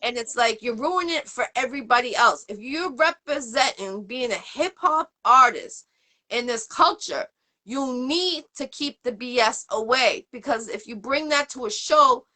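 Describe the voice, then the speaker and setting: A woman's voice: fairly high pitch, lively intonation, normal speed. A woman hosting an interview show, chatting in a rambling, upbeat way with lots of fillers. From Boston area, USA. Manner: rambling, upbeat, full of shout-outs and fillers. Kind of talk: casual interview chat.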